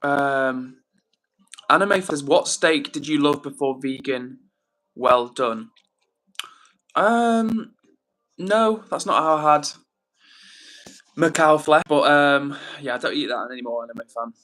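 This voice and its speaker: The young man hosting this livestream speaks slowly in a higher, somewhat bright voice, leaving long pauses. He's still chatty and upbeat, reading viewer comments aloud.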